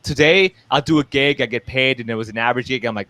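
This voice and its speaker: Fast-talking animated male comedian. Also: medium pitch. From Hong Kong. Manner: animated storyteller, acts out quoted voices. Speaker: stand-up comedian guest. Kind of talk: casual interview chat.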